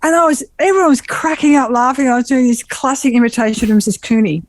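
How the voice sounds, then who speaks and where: A woman co-hosting a podcast, chatting casually and telling animated stories with playful voices. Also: high-pitched, fast, no room sound. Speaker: podcast co-host. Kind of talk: casual chat.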